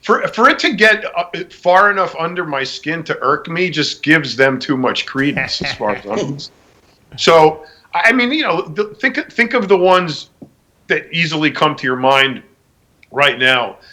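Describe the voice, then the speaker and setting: A man's voice: fairly high pitch, big pitch swings, moderate pace, pushed and bright. A man co-hosting a casual podcast discussion, rambling and wry, with many restarts. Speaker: podcast co-host.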